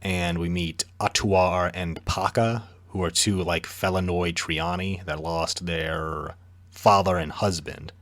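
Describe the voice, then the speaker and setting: A man's voice: low voice, steady tone, slow pace, fairly bright tone. A man co-hosting a podcast, recapping a book's plot in loose, profane casual chat. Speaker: podcast co-host. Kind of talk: casual book discussion chat.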